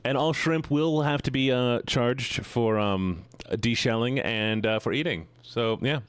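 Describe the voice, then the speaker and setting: A man's voice: mid-range voice, a little slow, smooth, no echo. A man streaming live, chatting casually and teasing his chat with playful mock-villain boasts.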